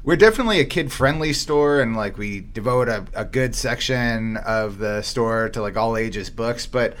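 A man who runs a comic shop hosts a casual podcast. He rambles through his stories with fillers and restarts, and he swears offhandedly. His voice sits at an ordinary middle pitch. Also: moderate pace, fairly bright tone.

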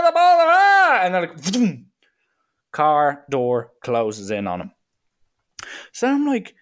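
Man telling a rambling story. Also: mid-range voice. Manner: lively, animated, breaks into voices. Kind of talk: casual anecdote.

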